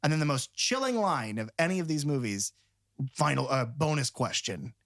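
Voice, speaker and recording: A man co-hosting a podcast, talking about movies in an animated, rambling, enthusiastic way. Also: fairly high pitch, normal speed, dry recording, clean studio sound. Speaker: podcast co-host. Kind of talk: casual film discussion.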